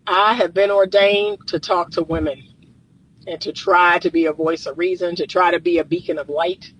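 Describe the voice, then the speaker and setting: A husky, fairly bright voice that sits high, with fairly even intonation and normal speed, belongs to a relationship coach and counselor. He's in his car, driving, talking casually and passionately to his livestream audience as his temper rises.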